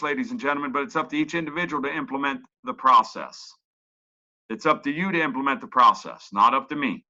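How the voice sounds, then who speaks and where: A man, his voice a little high and very bright. He coaches a webinar audience in a folksy, emphatic manner and hammers his points home by repeating them. The recording sounds muffled and lo-fi. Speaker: real estate coach. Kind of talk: webinar presentation.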